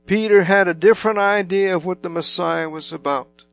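A man preaching a sermon slowly and emphatically, with dramatic swings in loudness. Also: high voice, gravelly.

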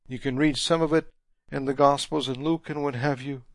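A man's voice: medium pitch, steady tone, no room sound, clean studio sound. A man preaching a sermon, reading scripture and retelling it in plain, emphatic paraphrase. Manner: slow, emphatic Bible teaching with paraphrased dialogue.

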